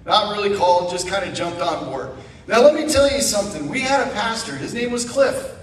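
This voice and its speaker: Man giving an animated church testimony. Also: sits high, fairly quick, a little hiss or hum. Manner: animated storytelling with asides. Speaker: guest speaker at church. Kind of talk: personal testimony. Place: church sanctuary. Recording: echoey room, mic far off.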